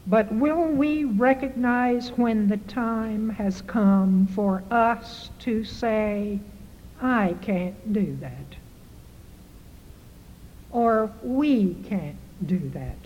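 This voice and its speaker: A woman preaching a sermon, driving her points home with repeated rhetorical questions. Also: medium pitch. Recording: muffled hall recording with reverb.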